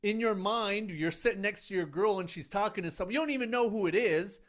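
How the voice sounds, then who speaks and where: A man's voice: high voice, fairly quick, a bit bright. A middle-aged man coaching other men in an earnest, emphatic self-help talk, speaking in short punchy phrases. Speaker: men's coach.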